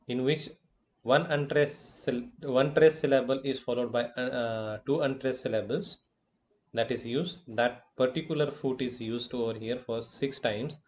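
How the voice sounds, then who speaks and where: Slow, halting Indian English male lecturer. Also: medium pitch, slight background noise. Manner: deliberate, halting, with fillers and self-corrections. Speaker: college professor. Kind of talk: slow lecture on poetic meter.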